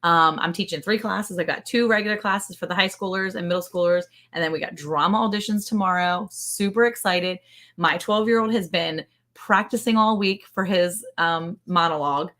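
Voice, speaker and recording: A woman's voice: on the low side, moderate pace, fairly bright tone. Bubbly woman co-hosting a live stream. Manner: bubbly, laughs often, reads chat comments aloud. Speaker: co-host of a ranch livestream. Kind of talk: casual live-stream chat.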